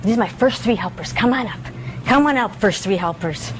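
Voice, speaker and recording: A woman leading an interactive lesson for young children, with an animated sing-song teacher voice that swoops high when she praises them. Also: a little fast, slight background noise. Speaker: visiting presenter teaching children. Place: school room with children.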